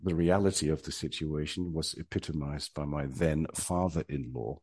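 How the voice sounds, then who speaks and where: A man's voice: a bass voice, fairly even intonation, moderate pace, a little mellow, slightly rough, dry recording. A man in his sixties, answering interview questions in a reflective, hesitant way with many ums and wry humor. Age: 60s. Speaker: guest.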